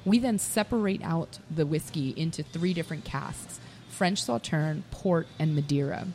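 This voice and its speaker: A woman with a low voice tells an animated story in a casual interview. She is recorded in a busy bar, and soft music plays faintly behind her. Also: normal speed. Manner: animated storyteller who acts out dialogue. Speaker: whiskey brand representative, guest.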